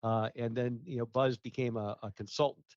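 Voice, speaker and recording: A man recalls his years in radio in an unhurried, rambling way. He stumbles over fillers and restarts. His voice sounds muffled and dry. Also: medium pitch, fairly even intonation, darkish tone, dry recording. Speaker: guest, radio ratings researcher. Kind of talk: casual interview talk.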